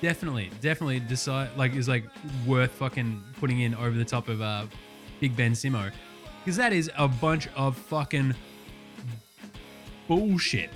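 A man's voice: medium pitch, normal speed, soft background music. An Australian man hosting a sports podcast, ranting casually with lots of swearing and heated outbursts. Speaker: podcast host.

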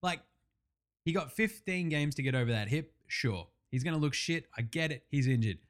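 A man with an Australian accent hosting a sports talk podcast, animated, slangy and sweary. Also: fairly high pitch, normal speed. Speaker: podcast host. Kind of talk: sports talk show monologue.

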